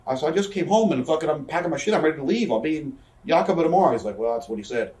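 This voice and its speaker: In a casual shoot interview, a man in his thirties tells quick, profane stories, impersonating the people he quotes. His voice runs a little high, expressive and a little mellow. He was recorded from a distance, with roomy echo.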